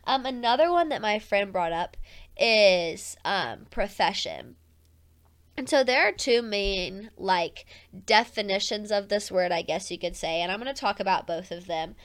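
A young woman talks through her solo podcast in a relaxed, earnest voice. Her pitch sits in an ordinary middle range. Her speech is loose and chatty, full of "like" and "um" as she works her way through each thought. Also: a little slow. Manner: casual and earnest, heavy use of "like" and "um". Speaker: podcast host.

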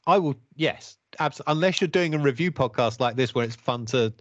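A man co-hosting a podcast, talking in a wry, critical, measured way as he reviews episodes. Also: mid-range voice, no room sound. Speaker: podcast co-host. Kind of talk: casual review chat. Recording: dull, dry podcast audio.

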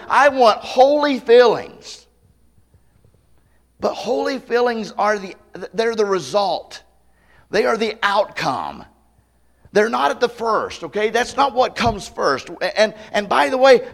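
A man pastor preaching a sermon, emphatic, putting rhetorical questions to the congregation. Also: sits high. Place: church campmeeting service.

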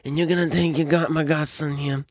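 A man's voice: steady tone, a little fast, dry recording, natural voice. Man doing a crafty old mafia-style Italian banker, throaty put-on accent, dry close sound. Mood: scheming. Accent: put-on American Italian mobster accent. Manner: low, throaty, wheeling-dealing. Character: scheming old male Florentine banker, mobster-like.

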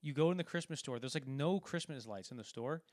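A man's voice: mid-range voice, animated, a little fast, darkish tone, dry recording, clean studio sound. A man casually talking through a film, rambling and acting out quoted lines as he retells scenes. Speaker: podcast co-host.

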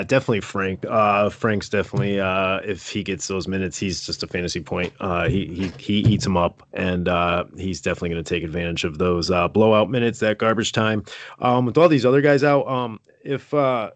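Man, co-host, lowish voice, halting with lots of fillers, dry close sound. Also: no echo. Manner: halting, many ums and uhs. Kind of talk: casual fantasy basketball talk.

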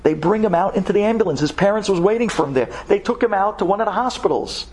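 A man telling a dramatic story, swinging from hushed tones to loud outbursts. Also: sits high, fast talker, a little hiss or hum. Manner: animated, shifting from hushed to shouted.

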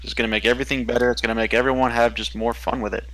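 A man speaking casually as a podcast guest. He has a bright, forward voice. He asks questions and gushes like an eager fan. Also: medium pitch, little pitch movement, rapid-fire, rough recording.

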